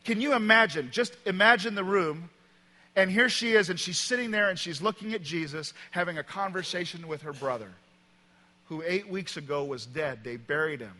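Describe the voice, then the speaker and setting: A pastor preaching a sermon, telling stories with emphasis and swinging from loud passages to quiet ones. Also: male voice, sits high, moderate pace. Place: church auditorium. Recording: long hall reverb.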